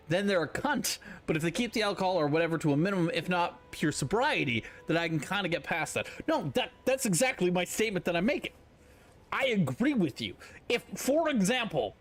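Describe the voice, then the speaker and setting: A male streamer talks casually to his viewers while he plays, swearing freely as he tells his stories. His voice sits high and swings widely in pitch. Faint music plays behind him. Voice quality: profane, animated storytelling. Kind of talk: casual gameplay chat with viewers.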